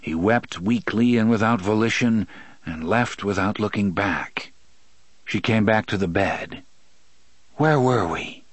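Male narrator, low voice, dry close recording, measured read. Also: dry recording. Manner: measured, even storytelling. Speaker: audiobook narrator. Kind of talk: scripted narration.

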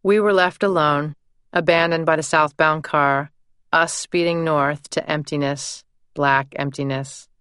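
A woman narrating her own memoir in a measured, deliberate first-person reading. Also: low-pitched, fairly even intonation, fairly bright tone, smooth, no room sound, studio quality.

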